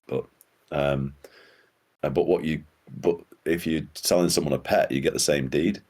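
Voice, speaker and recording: Very deep-voiced male podcast guest. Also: fairly even intonation, darkish tone. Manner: halting, full of restarts and chuckles. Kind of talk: casual conversation.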